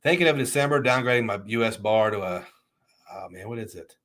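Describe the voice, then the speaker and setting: A man's voice: lowish voice, a little fast, fairly bright tone. A middle-aged man hosting a livestream, chatting casually and reacting to viewer comments in a rambling, restart-heavy way. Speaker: livestream host.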